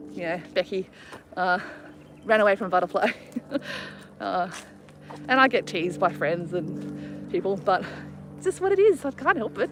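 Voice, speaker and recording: A woman's voice: mid-range voice, a little hiss or hum. Chatty woman on a walk. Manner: chatty, laughing, self-mocking storyteller. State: out of breath from walking. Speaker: travel vlogger hosting a live stream. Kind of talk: casual live chat while walking her dog. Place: outdoors on a walk.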